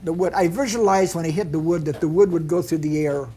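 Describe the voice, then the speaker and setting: Older male storyteller, slightly higher voice, animated anecdotes, plays every character in his stories, laughs a lot. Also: quick pace, slightly rough. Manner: animated yarn-spinner, mimics others in quotes, laughs often. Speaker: veteran stunt performer.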